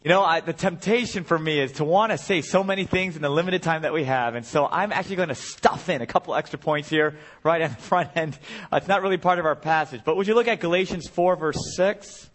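A man's voice: a little high, brisk, fairly bright tone. A middle-aged man preaching a sermon as a guest speaker, earnest and building to impassioned cries.

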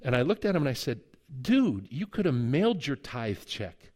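A man's voice: mid-range voice, big pitch swings, moderate pace, warm tone. A middle-aged male pastor giving a conversational sermon, telling stories and acting out the dialogue in them. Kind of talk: sermon with storytelling.

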